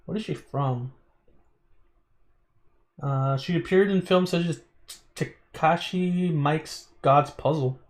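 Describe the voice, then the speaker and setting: Male streamer, fairly high voice, reads game text aloud, trips on words, casual asides. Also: slow pace, pauses often. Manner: casual, stumbles over words, chatty asides. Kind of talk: reading a visual novel aloud on stream.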